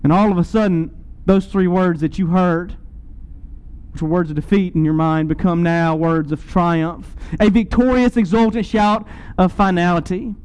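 A man preaching a sermon, retelling a scene dramatically to his listeners and swinging between loud and soft. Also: on the high side, level tone, normal speed, clean tone, rough recording.

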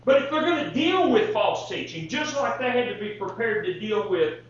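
A man's voice: high-pitched, expressive, moderate pace. A male preacher delivering a sermon, reading scripture and putting rhetorical questions to the congregation. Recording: very echoey hall, distant mic, dull lo-fi sound.

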